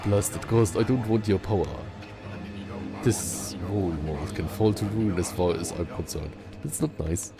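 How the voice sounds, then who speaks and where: A man reading the lines of a gruff, self-pitying male warrior in a video game, with exasperated outbursts over loud game music. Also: deep voice, measured pace. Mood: bitter, sulky.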